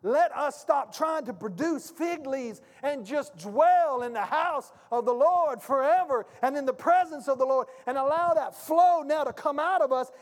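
A man preaching a sermon as pastor, with a call-and-response delivery that swings from hushed to shouting. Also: very high-pitched. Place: church sanctuary. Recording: long hall reverb.

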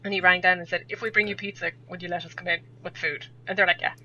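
A woman's voice: on the low side, fairly even intonation, fast, pushed and bright. A young Irish woman telling a rambling story in casual chat, laughing often as a podcast guest. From Ireland. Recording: dull lo-fi audio.

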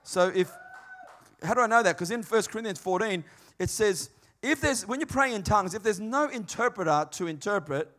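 A man preaching a sermon in a conversational, emphatic way, swinging between quiet and loud. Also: fairly high pitch, brisk. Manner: conversational, emphatic, varied dynamics.

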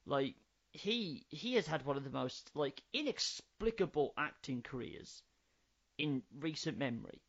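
A man's voice: fairly high pitch, unhurried. Man, podcast co-host, sweary, exasperated, muffled lo-fi sound. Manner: exasperated, sweary, animated ranting. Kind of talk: casual film-review chat.

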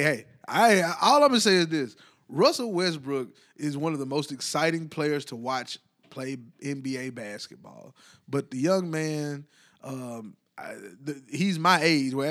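Man, slightly high-pitched, rambling casual sports talk, animated and colloquial. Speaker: basketball commentator.

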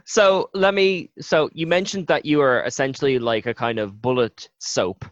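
A man's voice: mid-range voice, fairly even intonation, moderate pace, no room sound. A man hosting a casual interview, asking curious questions and laughing easily. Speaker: podcast host. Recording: dry, dull lo-fi sound.

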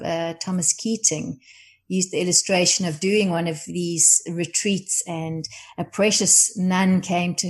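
A woman guest speaking gently and thoughtfully about contemplative prayer, often trailing off softly. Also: fairly low pitch. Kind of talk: reflective conversation.

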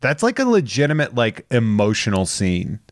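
A man's voice: mid-range voice, huge pitch swings, moderate pace, no room sound, studio quality. A man co-hosting a casual podcast chat, laid-back, laughing and quoting characters. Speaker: podcast co-host.

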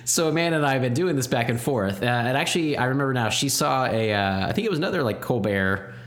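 A man co-hosting a podcast in relaxed, chatty conversation, laughing easily. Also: mid-range voice, fast talker. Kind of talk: casual chat.

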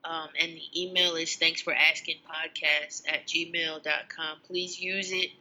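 A podcast co-host in casual chat, telling a travel story in a relaxed way. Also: mid-range voice, unhurried, rough recording.

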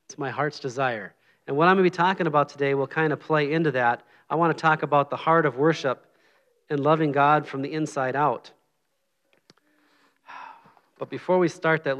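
A man's voice: fairly high pitch, brisk, a bit bright, lo-fi sound. A middle-aged man giving an informal, earnest sermon as a lay preacher, humble and conversational, with prayer and scripture.

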